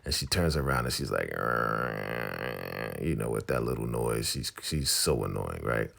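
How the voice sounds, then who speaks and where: A man with an extremely deep voice chats through a TV episode recap. His voice is gravelly and husky. The delivery is animated and conversational. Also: a little fast. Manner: animated, chatty retelling. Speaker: TV recap host.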